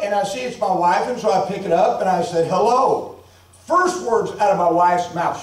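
High-voiced preacher in an echoey church. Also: male voice. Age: 40s. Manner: storytelling, animated, calls out to the congregation. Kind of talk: revival sermon. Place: church sanctuary. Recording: echoey church hall from far off.

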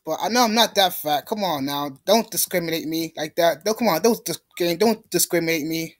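A man's voice: on the high side, a little fast, fairly bright tone. A young man giving let's play commentary, ranting in frustration and pleading with the game. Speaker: gamer.

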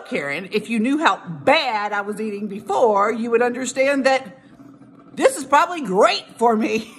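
A woman talks into her phone camera in her kitchen at home. She vents in a chatty, exasperated way, with an ordinary mid-pitched voice. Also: fairly bright tone, a little hiss or hum. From Louisiana. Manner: chatty and exasperated, venting with mock-quoted retorts. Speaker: vlogger. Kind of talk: casual morning vlog chat.

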